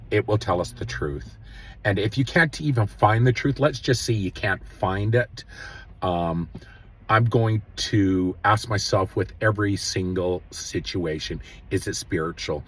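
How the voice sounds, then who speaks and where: A man hosting his own show, giving earnest spiritual self-help advice in a casual way, with many pauses and fillers. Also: deep voice, fairly bright tone, breathy edge. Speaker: host.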